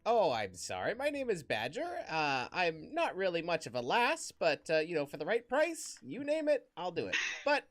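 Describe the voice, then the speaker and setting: Cocky haggling adventurer guy, a player doing him, pitch jumps all over. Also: wildly swooping pitch, moderate pace, hardly any pauses. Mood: bargaining. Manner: brash, bargaining. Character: scheming male haggler adventurer.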